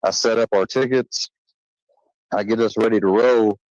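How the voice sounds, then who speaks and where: A man's voice: fairly low pitch, steady tone, moderate pace, darkish tone, no room sound. A man casually telling a personal story, rambling with fillers, restarts and slang. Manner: swearing, slangy. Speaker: channel host. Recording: dull lo-fi sound.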